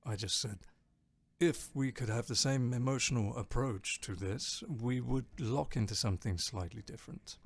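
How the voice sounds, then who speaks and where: A man who streams and plays bass in a band chats casually on a live stream, reading viewer comments aloud and rambling jokily about music. His voice is mid-range and his pace moderate.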